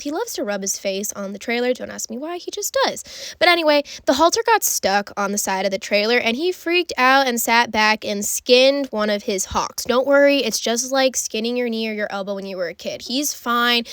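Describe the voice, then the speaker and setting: Young woman gabbing over her sewing vid, kinda high voice, playful rambly, super dry sound. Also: a bit bright, no echo. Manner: rambling, playful, self-deprecating. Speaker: costume sewing vlogger. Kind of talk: chatty voice-over narration.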